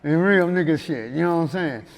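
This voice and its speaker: A rapper guest from Memphis, USA, tells street stories in a casual interview, his Memphis Southern accent carried by a gravelly, slightly high voice at a fairly quick pace. Loose and laughing easily, he keeps saying "you know what I'm saying," and the hall around him is reverberant.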